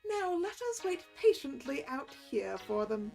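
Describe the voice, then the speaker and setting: A woman voicing a stern old woman who leads a village, speaking slowly and formally while reading game dialogue aloud. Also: sits high, sing-song, creaky, music in the background, exaggerated voice. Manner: slow, formal, measured.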